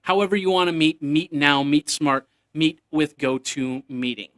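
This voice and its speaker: Man, tech podcast host, casual solo show, rambling, jokey, slightly high voice. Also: moderate pace, fairly bright tone. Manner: rambling, jokey, makes beeping computer noises.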